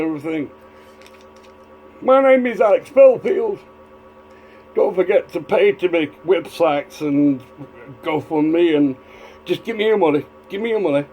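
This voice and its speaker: A man's voice: lo-fi sound, full character voice. A man doing a mocking impression of a pompous, self-promoting male online broadcaster who keeps asking for money. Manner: booming showman announcing, begging for money.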